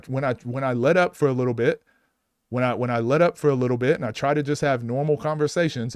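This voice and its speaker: A man's voice: mid-range voice, darkish tone, dry recording, studio quality. A man coaching basketball, giving blunt, exasperated live commentary and restarting his sentences often.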